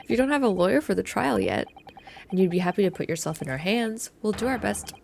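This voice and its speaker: A woman's voice: mid-range voice, expressive, fast talker, vocal fry, a little mellow, slight background noise. A woman voicing an earnest, nervous young male law student, polite and flustered, in a game playthrough. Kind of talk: video game voice-over playthrough.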